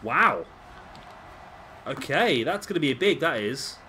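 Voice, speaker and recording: A man's voice: mid-range voice, moderate pace, fairly bright tone, slight background noise. A man giving casual, rambling commentary over a wrestling video game and often correcting himself. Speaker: gaming commentator.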